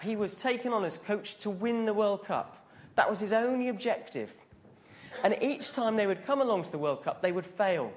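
A man preaching a sermon to a congregation in a questioning, conversational way. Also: sits high.

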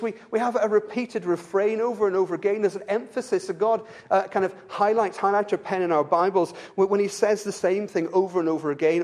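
High-voiced preacher, earnest sermon. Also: male voice, a little mellow. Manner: earnest, with frequent stumbling word repeats and rhetorical "don't we?".

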